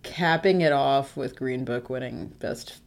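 A woman's voice: a bass voice, unhurried, creaky. A woman co-hosting a podcast in casual chat, with a dry, joking manner and frequent laughter. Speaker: podcast co-host.

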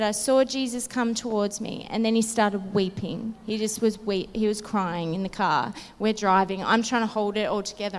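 A woman's voice: medium pitch, long reverb tail. A woman preacher telling an earnest, emotional personal story in a sermon, with casual fillers.

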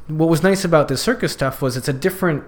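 A man's voice: on the high side, fast. Rambling man in casual podcast chat. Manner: rambling, many fillers and restarts. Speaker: podcast guest, youth circus worker.

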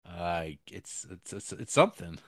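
Low-voiced guy cohosting a podcast, dry jokey banter, dead dry close mic. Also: expressive, unhurried, dry recording. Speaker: podcast co-host. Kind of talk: casual chat.

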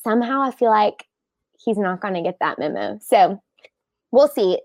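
A young woman talks as a guest on a casual podcast, chatty and quick to laugh. Her voice sits at an ordinary middle pitch. It is recorded close and dry, with no room sound. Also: expressive, a little mellow, no echo. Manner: chatty, laughs often, trailing asides. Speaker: guest blogger. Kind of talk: casual chat.

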